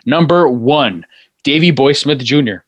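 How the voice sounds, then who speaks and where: A man's voice: mid-range voice, expressive, a little slow, no room sound. A man voicing a slangy, announcer-like wrestling-news persona that opens a top-five segment. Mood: hyped. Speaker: podcast co-host. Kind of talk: hyped segment intro.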